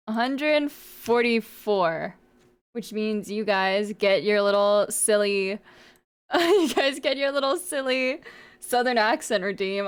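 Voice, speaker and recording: A woman's voice: on the high side, clean tone. A woman streamer chatting casually with her viewers, playful and giggly as she teases them. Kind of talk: casual live-stream chat.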